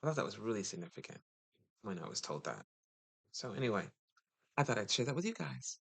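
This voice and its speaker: A man's voice: sing-song, brisk, vocal fry, husky, no echo. Guy doing a relationship coaching vlog, chatty, voice jumps up a lot, dry sound. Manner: chatty, rhetorical questions, sudden pitch jumps. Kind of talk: casual talk to viewers.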